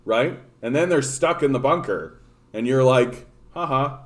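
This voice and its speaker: A man's voice: mid-range voice, expressive, a little slow. A man from Canada hosting a casual political livestream, ranting sarcastically and profanely, with many stumbles and restarts.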